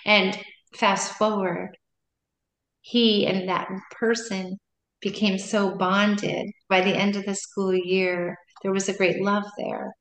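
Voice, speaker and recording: A woman's voice: mid-range voice, level tone, takes it slowly, fairly bright tone. A middle-aged woman, a meditation and yoga teacher, chatting casually as a guest in loose, trailing sentences full of restarts. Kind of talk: casual interview chat. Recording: roomy echo.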